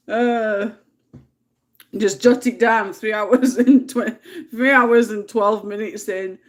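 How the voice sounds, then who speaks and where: A woman's voice: medium pitch, fairly even intonation, slow pace, pauses often. A woman hosting a casual livestream, crying with laughter in helpless giggling fits. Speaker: livestream host.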